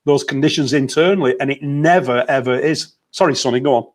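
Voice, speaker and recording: A man's voice: mid-range voice, brisk. A man, a motivational coach in a casual group chat, telling stories and laughing easily over a video call. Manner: chatty storyteller, laughs easily.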